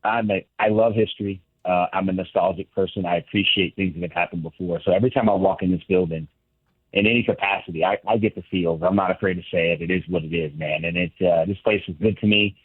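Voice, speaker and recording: A low-voiced man with a husky edge calls in as a radio guest. He is candid and reflective and often restarts his sentences. The line is thin and phone-like, with a dry sound. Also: fairly even intonation, quick pace, no echo. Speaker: guest, former ballplayer and broadcaster. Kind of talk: sports radio interview.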